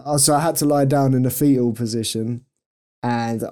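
A man's voice: mid-range voice, fairly even intonation, normal speed, a little mellow, clear, resonant tone. A young man on a podcast, telling a rambling, self-mocking story in casual chat and laughing often. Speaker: podcast co-host.

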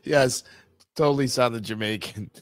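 A man's voice: mid-range voice, a little slow, no echo. A man co-hosting a casual livestream, chiming in with short, laid-back remarks and chuckles. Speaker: co-host.

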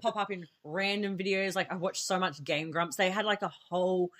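A woman's voice: fairly low pitch, fairly even intonation, brisk, fairly bright tone. A woman co-hosting a podcast, chatting casually about films, laughing often and swearing freely. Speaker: podcast co-host. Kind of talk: casual chat reviewing films.

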